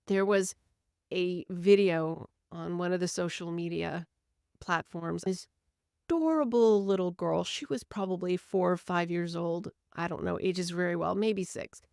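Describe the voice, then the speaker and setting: A woman's voice: fairly low pitch, a little slow, gravelly, darkish tone, smooth, no echo, clean studio sound. A woman hosting a solo podcast, talking earnestly about feelings and explaining them through everyday stories. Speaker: podcast host. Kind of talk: reflective solo podcast talk.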